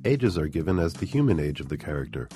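Deep low guy narrating stage directions, flat, guitar music underneath. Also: fast. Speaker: audio story narrator. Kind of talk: scripted narration.

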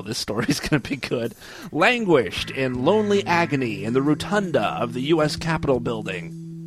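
A man hosting a podcast, reading tweets and a story aloud with irreverent commentary and laughter. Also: medium pitch. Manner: irreverent, laughs at own material. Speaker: podcast host.

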